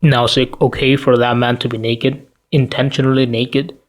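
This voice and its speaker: A man's voice: medium pitch, level tone, normal speed. Tired male vlogger, mid-range voice, blunt profane rant driven by rhetorical questions. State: tired, sleepy. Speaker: commentary vlogger. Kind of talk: ranting commentary to camera.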